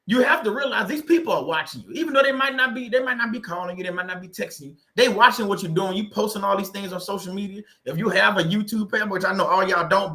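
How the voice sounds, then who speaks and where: A man hosting a livestream, chatting casually and joking with his viewers, often laughing. His voice sits a little high and rings out bright and forceful. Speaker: livestream host on narcissistic abuse.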